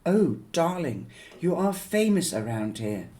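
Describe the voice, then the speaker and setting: A prim middle-aged lady with an old-fashioned film-star manner, as a man reading aloud puts her on. She speaks sweetly but talks down as if to a child. The voice sits higher than a man's usual, the delivery unhurried. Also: very animated, warm tone. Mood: sweetly patronizing.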